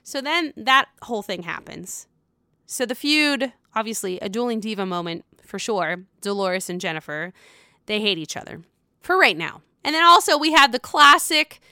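A woman recapping reality TV in a casual, gossipy way, swearing freely and jumping into high squeals. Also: clean tone, dry recording, studio quality. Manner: gossipy, profane, animated with sudden high squeals.

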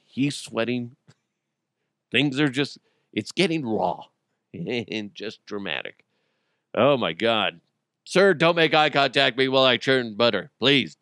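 A man's voice: medium pitch, pushed and bright, smooth, no room sound, studio quality. A man hosting a solo podcast, rambling casually with lots of swearing and jokes. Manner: profane, joking, rambling. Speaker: podcast host.

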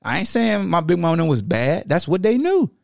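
A man's voice: sits high, moderate pace, gravelly, no echo. Young guy hosting a sports podcast, chill slangy talk, dry close sound. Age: young adult. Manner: relaxed, slangy, conversational.

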